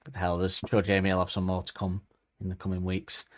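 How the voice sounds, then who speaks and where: A man's voice: low-pitched, completely flat delivery, quick pace. A man co-hosting a podcast in casual chat, rambling and hesitant, with many ums and restarts. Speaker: podcast co-host.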